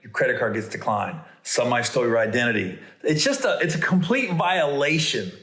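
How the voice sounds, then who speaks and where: A middle-aged man, a comedian hosting a podcast, telling stories and reading ads in a playful, animated way with stammering restarts. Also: medium pitch, fairly quick. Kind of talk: casual storytelling and ad reads. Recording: roomy echo.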